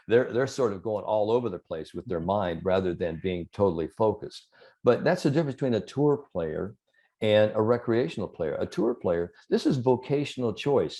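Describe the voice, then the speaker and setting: A man with a mellow, fairly low voice talks through a conversational interview as a sports psychologist guest. He tells lively stories and leans on plenty of "you know" fillers as he goes. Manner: animated storyteller, many "you know" fillers.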